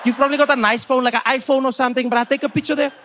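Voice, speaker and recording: A man's voice: extremely high pitch, steady tone, voice pushed up. A man doing a pushy young South African fan. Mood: bossy. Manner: insistent, bossy, talks fast and loud. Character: pushy excitable young male fan in overalls.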